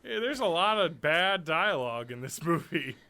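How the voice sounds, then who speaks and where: A man's voice: a little high, sing-song, moderate pace, sharp tone, clean tone. A man in his thirties co-hosting a podcast, talking casually and animatedly, swearing and laughing often. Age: 30s. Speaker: podcast co-host. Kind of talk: casual chat.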